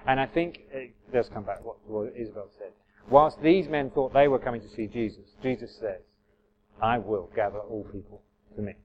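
Male preacher, medium pitch, casual talky sermon, wry and self-correcting. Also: moderate pace, a little mellow, lo-fi sound. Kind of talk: informal sermon with audience interaction.

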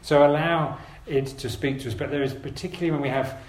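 A man preaching a sermon to his congregation, earnest and gentle, urging his listeners with repeated phrases. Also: mid-range voice, steady tone, fast talker, reverberant, a little hiss or hum, poor audio.

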